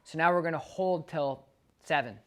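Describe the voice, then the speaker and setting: Calm male dog trainer coaching a client. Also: on the high side, moderate pace. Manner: calm, coaching, counts out loud. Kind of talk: instructing a client during training.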